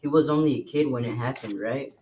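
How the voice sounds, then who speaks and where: A man reading a novel aloud to a class in plain, steady storytelling. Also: medium pitch, a little fast, a little hiss or hum, low-quality recording. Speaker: reader.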